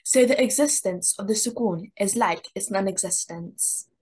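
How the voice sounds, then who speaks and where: A woman's voice: medium pitch, normal speed, darkish tone, slightly rough, rough recording. A woman teaching a lecture on Quranic recitation stress, methodically repeating contrasting word examples.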